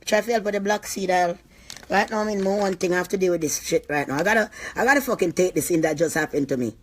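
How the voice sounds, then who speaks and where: A woman with a Jamaican accent speaks in heavy patois, swearing freely and rambling through an emotional live-stream rant, with loud bursts and laughter. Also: fairly low pitch, fast talker, a little hiss or hum. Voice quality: heavy patois, frequent cursing. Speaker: vlogger.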